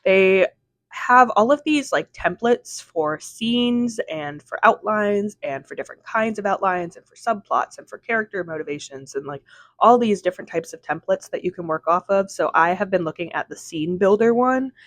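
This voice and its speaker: At home indoors, a woman who vlogs and hopes to become a novelist chats casually to the camera, rambling and peppering her speech with "um" and "like." Her mid-range voice has lively intonation, her speed is normal, and there's no echo.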